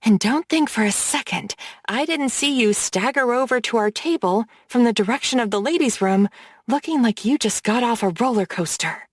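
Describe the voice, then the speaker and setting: A woman's voice: a little high, lively intonation, normal speed, dry recording, studio quality. A woman voicing a cheeky young woman friend in an audiobook, playful and teasing. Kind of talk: audiobook narration.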